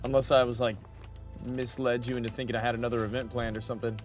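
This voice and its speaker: A man's voice: medium pitch, little pitch movement, fast, soft background music. A young adult man livestreaming a game, chatting casually and answering his chat, often repeating his own lines. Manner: chatty, talks back to chat, repeats himself.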